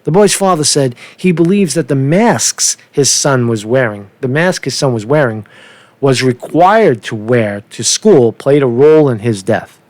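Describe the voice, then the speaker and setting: A man's voice: mid-range voice, lively intonation, unhurried, darkish tone, no room sound. A man hosting a casual livestream, rambling and sarcastic, with lots of cursing. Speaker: channel host.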